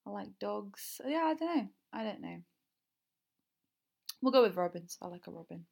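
A young woman with a clear, slightly posh southern English accent, chatting casually through fan questions. She enunciates with care, laughs easily and swears freely. She trails off into fillers while she thinks. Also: medium pitch, animated, normal speed, darkish tone. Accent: southern English, standard-leaning. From England. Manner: enunciates clearly when recording. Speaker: creator answering fan questions. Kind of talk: casual Q&A recording.

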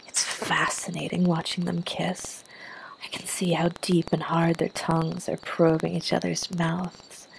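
A woman narrating an intimate first-person story in a soft voice that often slips into a whisper. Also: fairly low pitch, creaky, a little hiss or hum, low-quality recording.

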